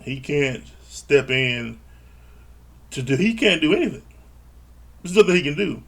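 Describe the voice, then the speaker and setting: A man's voice: a little high, expressive, measured pace, creaky. A man recapping a reality TV episode in a blunt, exasperated rant, swearing freely. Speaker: reality TV reviewer. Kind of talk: casual ranting recap.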